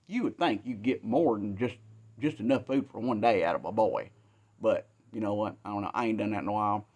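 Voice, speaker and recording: A man's voice: fairly low pitch, a little fast, darkish tone. Folksy man telling Bible stories. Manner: rambling, joking, colloquial. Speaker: storyteller.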